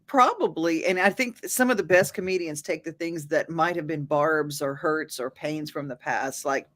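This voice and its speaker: A woman's voice: low-pitched, moderate pace, a bit bright. A woman hosting a live interview show who speaks enthusiastically and laughs often with her guest. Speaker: talk show host.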